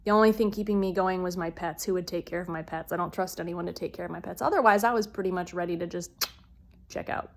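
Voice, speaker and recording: A woman speaking bluntly to her viewers in a personal vlog, swearing freely and dropping to a hush at low points. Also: fast. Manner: talks straight to viewers. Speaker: vlogger.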